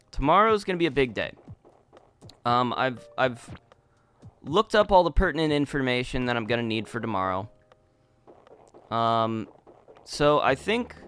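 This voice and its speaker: A man's voice: mid-range voice, fairly bright tone. A man casually commenting on his game as he plays, rambling and chatty with lots of restarts. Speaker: gaming YouTuber.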